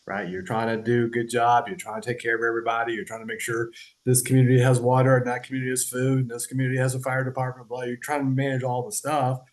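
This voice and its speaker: A podcast host explains things in loose, conversational talk, swearing, laughing and often checking in with "right?". His voice is medium-pitched, and the recording is rough.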